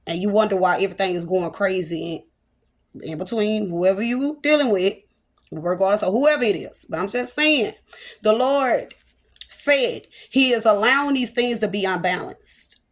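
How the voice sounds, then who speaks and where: A woman's voice: medium pitch, normal speed. A woman prophetess giving a spoken prophetic message, chatty and playful, with church exclamations.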